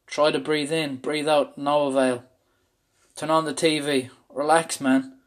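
A man's voice: on the high side, flat delivery, measured pace. A man from Ireland telling a candid, intense story about a panic attack. He speaks openly and swears freely. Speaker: speaker sharing a personal story. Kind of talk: personal storytelling talk.

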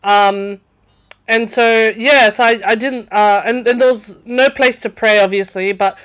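A woman's voice: on the high side, steady tone, measured pace. A young woman, a podcast guest, telling a story in a casual chat, with lots of fillers and restarts. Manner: chatty, many fillers and restarts.

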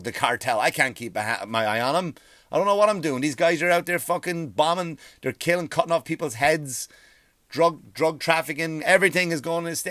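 A man's voice: a little high, fairly bright tone, no echo, clean studio sound. A man hosting a podcast, ranting in a profane, rambling monologue, often stumbling over his words. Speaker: podcast host.

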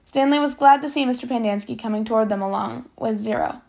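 A woman reading a novel aloud, steady, sometimes stumbling and correcting herself. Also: fairly high pitch, fast, creaky. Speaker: reader.

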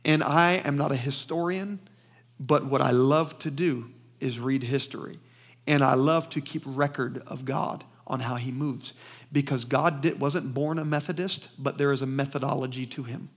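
A man with a Southern US accent preaching a sermon in a church, emphatic and fast-talking, calling out for responses from the congregation. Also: mid-range voice, fairly even intonation. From Southern United States. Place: church sanctuary.

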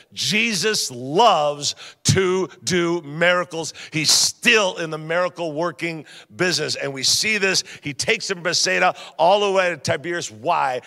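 A man preaching a sermon, an animated pastor who tells funny stories and keeps asking the congregation questions. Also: fairly high pitch, creaky. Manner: animated, jokey, talks straight to the crowd. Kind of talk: sermon with humorous storytelling. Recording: long reverb of a large hall.

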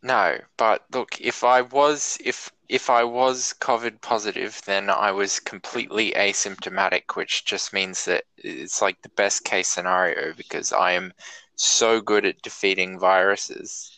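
An Australian man from rural New South Wales, a podcast guest, bantering in casual chat with a deadpan, mock-boastful manner. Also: fairly low pitch, a little slow, no room sound, rough recording.

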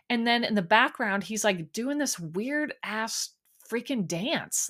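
A woman's voice: fairly high pitch, very animated, normal speed, a bit bright. A woman talks on her own in a casual recap podcast. She rambles with plenty of fillers. Her frustration keeps breaking through. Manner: chatty, exasperated, full of ums and likes. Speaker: podcast host.

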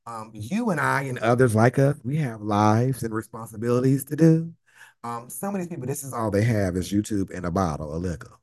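A man's voice: mid-range voice, a little fast. A man hosting a casual live chat with callers, telling stories bluntly, animatedly and with plenty of swearing. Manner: blunt, profane, animated storytelling. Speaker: host.

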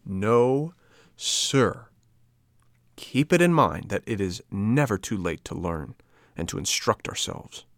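A man's voice: on the low side, big pitch swings, slow, no room sound, studio quality, full character voice. A man voicing a stern, motherly fairy. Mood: admonishing. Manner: solemn, admonishing. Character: kind but stern female fairy, motherly.

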